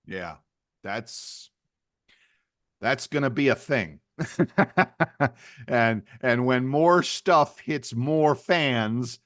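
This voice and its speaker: An older man chats on a podcast in a jokey, self-mocking way and often says things twice. His pitch swings up and down as he talks. The sound is dry and close, with no room echo. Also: fairly bright tone. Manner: jokey, self-deprecating, repeats phrases. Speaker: podcast co-host. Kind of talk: casual chat.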